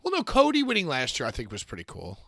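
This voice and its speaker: Bright, gravelly, rambling guy. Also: mid-range voice, quick pace, dry recording, studio quality. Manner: rambling, excitable, swears. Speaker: podcast co-host. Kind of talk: casual wrestling chat.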